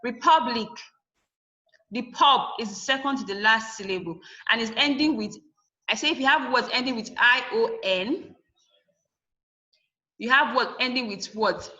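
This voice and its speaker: Bright-voiced teacher drilling word stress. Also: female voice, fairly high pitch, normal speed. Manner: spells out letters and repeats words for drilling. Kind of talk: classroom English lesson. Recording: dull lo-fi classroom recording.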